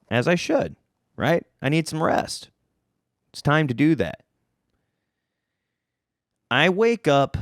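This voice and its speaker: A male podcast host tells an embarrassing story in a loose, self-mocking way. His voice swings widely in pitch and he speaks at an unhurried pace. The sound is dry and close, with no room echo. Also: clear, resonant tone. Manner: animated, self-mocking, jumps up in pitch for emphasis. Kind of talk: casual storytelling.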